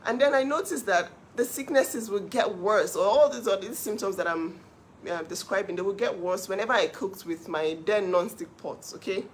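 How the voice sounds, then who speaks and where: A woman who sells cookware, talking casually on a livestream in an animated, emphatic way and laughing often. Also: medium pitch, normal speed, a little hiss or hum. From Nigeria. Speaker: cookware seller hosting a livestream.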